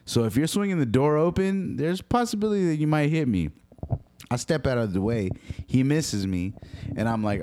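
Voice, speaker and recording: A man's voice: mid-range voice, moderate pace, dry recording. A young man casually telling a story about noisy neighbors, swearing often and acting out the dialogue. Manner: profane, animated, quotes people in dialogue. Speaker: storyteller recounting a dispute.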